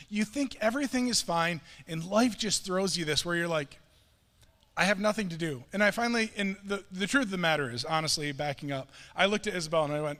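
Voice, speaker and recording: A middle-aged man pastor telling a self-mocking story in a sermon, animated and quoting himself and others. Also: high-pitched, a little fast. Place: church sanctuary. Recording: long reverb of a church hall.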